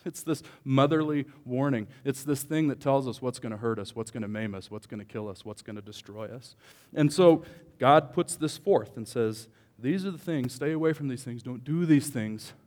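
Guy preaching in church, jokey and animated, gets loud then quiet, big hall echo. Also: medium pitch, moderate pace. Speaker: pastor. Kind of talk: sermon.

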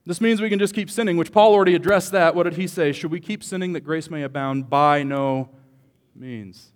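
A man preaching a sermon as a pastor, joking with the congregation and swinging between quiet asides and loud emphatic lines. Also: high-pitched, steady tone, quick pace, long reverb tail. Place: church hall.

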